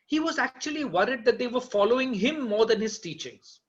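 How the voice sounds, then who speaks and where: A man telling a folk tale aloud in an animated way, with playful asides to his listeners. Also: very high-pitched, fairly quick. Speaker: storyteller. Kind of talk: oral folk-tale storytelling. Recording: dull lo-fi recording.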